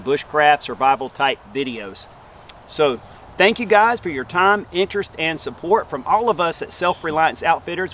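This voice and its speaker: A man's voice: fairly high pitch, fairly bright tone, a little hiss or hum. A man hosting a casual outdoor camp cooking show, talking to viewers in a folksy, friendly way while outdoors in the woods.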